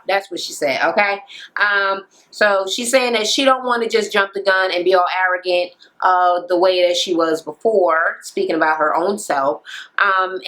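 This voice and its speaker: A woman's voice: medium pitch, fairly bright tone, poor audio. Blunt, profane woman ranting a recap. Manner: profane, blunt and opinionated, acting out quotes. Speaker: reality TV recap vlogger. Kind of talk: casual rant recapping a show. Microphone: camera mic.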